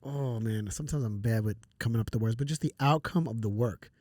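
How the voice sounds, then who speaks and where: A man's voice: medium pitch, fast talker, a little mellow, no room sound. A man hosting a casual podcast chat, supportive and joking, often answering with brief affirmations. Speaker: podcast host.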